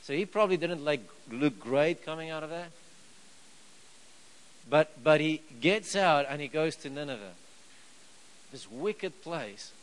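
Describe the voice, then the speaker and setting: A man's voice: on the high side, animated, a little slow, pauses often, low-quality recording. A man preaching a sermon in a conversational way, asking the room questions and chuckling as he tells the story. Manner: conversational, asks the crowd rhetorical questions; chuckles while telling the story.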